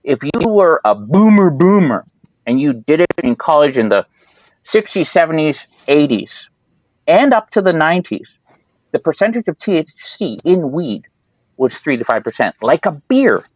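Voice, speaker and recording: This podcast host speaks a little high at a moderate pace, his darkish voice swinging widely in pitch. In casual conversation he wanders through stories, performing the voices of anyone he quotes, over a dry, dull lo-fi recording.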